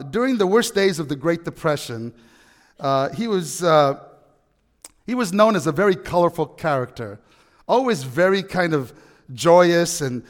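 A man preaching a sermon, telling a story with animated, emphatic peaks. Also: on the high side, big-room sound. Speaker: pastor.

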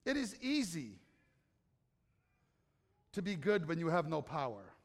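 A man's voice: on the high side, wildly swooping pitch, unhurried, in a large hall. A man preaching a sermon in a conversational, joking way, often tossing questions to the congregation. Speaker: pastor.

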